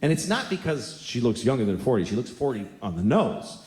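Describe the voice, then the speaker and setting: A man in his forties doing a stand-up comedy set on a theater stage, telling blunt, exaggerated stories in an animated way. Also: medium pitch, fairly quick. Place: theater stage before a live audience. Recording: roomy hall with audience noise.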